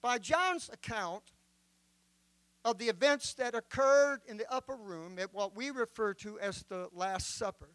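High-voiced preaching bishop, dry sound. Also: male voice, expressive, a bit bright, smooth, no room sound. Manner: dramatic preaching, slow emphatic scripture reading. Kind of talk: sermon.

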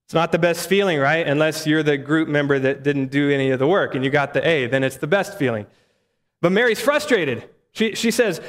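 A man's voice: on the high side, fairly quick. Conversational male preacher in a reverberant hall. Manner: conversational, with rhetorical questions. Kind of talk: sermon.

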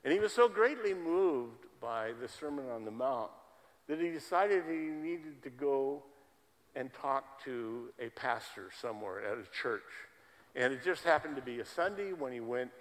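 A male pastor preaching a sermon to a congregation in a church, emphatic and repeating key words for stress. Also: medium pitch. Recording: long hall reverb.

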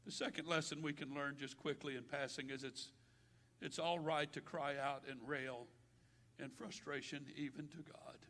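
A male pastor preaching a sermon with passion, his delivery swinging from loud declarations to hushed, quiet stretches. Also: a little high, steady tone, moderate pace. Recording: long hall reverb.

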